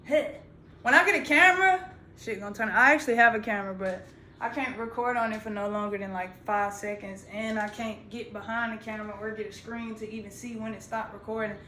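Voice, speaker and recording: A woman's voice: a little high, fairly quick, sharp tone, slight background noise. A young adult woman, a content creator, talking straight to her phone in a rambling, profane, slang-heavy vlog monologue. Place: indoors, standing while talking. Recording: echoey room.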